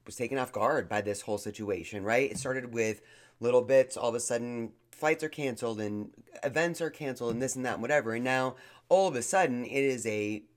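A man's voice: medium pitch, fairly quick. A man co-hosting a podcast, giving blunt, sarcastic mock-therapy in a rambling way. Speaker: podcast co-host. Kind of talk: casual mock-therapy chat.

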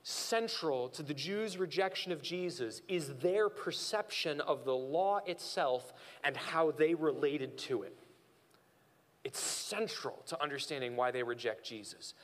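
A male pastor preaching a sermon and acting out quoted voices in an animated way. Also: on the high side, a little slow, long reverb tail.

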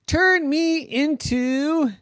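Storyteller doing a whiny troll, way up high, grumbly and complaining. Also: extremely slow, a bit bright, dry recording, studio quality, exaggerated voice. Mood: grumpy. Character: grumpy troll in a hole.

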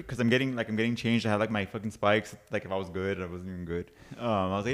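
A man telling a story in casual, profane chat, talking fast and sometimes mimicking a friend in a high voice. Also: steady tone, a bit bright. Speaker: podcast guest.

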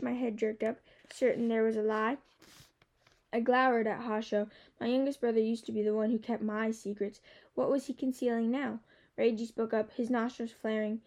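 Mellow woman reading a novel aloud. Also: fairly high pitch, flat delivery, moderate pace. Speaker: audiobook narrator. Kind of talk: first-person novel narration.

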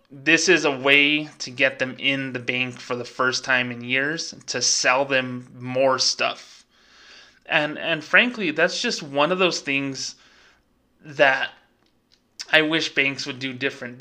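A man in his thirties hosting a casual commentary show, ranting in an animated way with quick asides. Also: medium pitch. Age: 30s. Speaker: host.

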